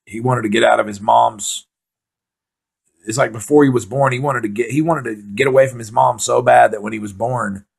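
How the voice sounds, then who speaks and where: A man doing profane, rambling comic storytelling, excitably acting out his own panic. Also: on the low side, creaky, husky. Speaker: stand-up comedian.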